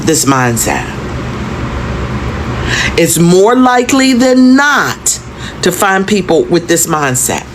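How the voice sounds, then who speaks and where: A woman's voice: on the low side, a little hiss or hum, rough recording. A woman in her fifties telling a storytime vlog in a conversational, emphatic way, often turning to ask the viewer questions. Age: 50s. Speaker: content creator.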